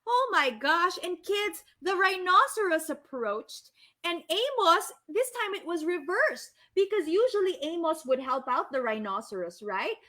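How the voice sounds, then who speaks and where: A Filipino woman reading a story aloud live for children, animated and gushing, often asking the kids questions. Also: very high-pitched, measured pace. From Philippines.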